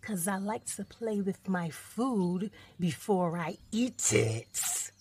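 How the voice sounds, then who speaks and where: A woman's voice: mid-range voice, very animated, slow pace, a little mellow, slight background noise. A woman reading a children's storybook aloud and voicing a strong male wolf pack leader in a threatening, menacing manner.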